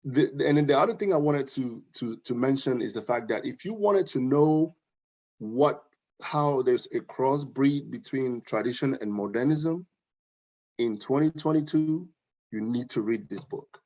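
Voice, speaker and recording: A man giving an earnest, informal speech at a book launch, with halting restarts and repeated phrases. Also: medium pitch, darkish tone. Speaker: guest speaker praising a novel. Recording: dull lo-fi audio.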